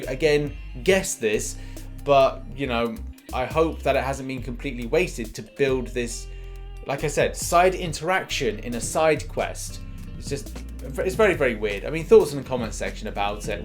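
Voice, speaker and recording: Chatty man hosting game news. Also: medium pitch. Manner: chatty, rambling with restarts. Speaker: mobile game news host. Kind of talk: casual news commentary.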